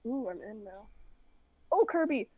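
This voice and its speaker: A woman chatting casually as a guest on a livestream, giggly and rambling, and a bit hoarse from losing her voice. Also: on the high side, big pitch swings, unhurried, no room sound, lo-fi sound. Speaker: guest streamer. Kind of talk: casual chat while livestreaming.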